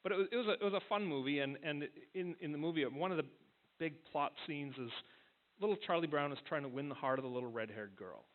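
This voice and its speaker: A man's voice: on the high side, fast talker. A male pastor giving a sermon in a conversational storytelling way, often restarting his words. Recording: tinny phone-like sound.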